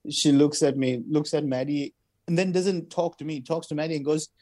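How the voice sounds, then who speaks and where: A man's voice: on the high side, moderate pace. A man, a comedian chatting casually and telling anecdotes with lots of quoted voices. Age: 30s. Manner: animated storytelling with quoted voices. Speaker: podcast co-host, comedian. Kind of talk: casual chat.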